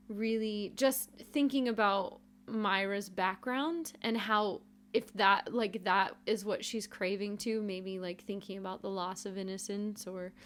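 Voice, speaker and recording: A woman co-hosts a podcast in an easy, conversational way. She thinks out loud and softens her points with hedges and fillers. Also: medium pitch. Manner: thoughtful, hedging, many fillers. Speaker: podcast co-host. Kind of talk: casual chat recapping a TV episode.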